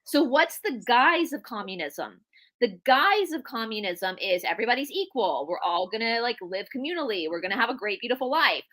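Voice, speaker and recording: Southern US woman, guest historian; opinionated and chatty, fairly high and bright. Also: expressive, a little fast. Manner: opinionated, chatty, restarts often. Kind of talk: casual livestream chat.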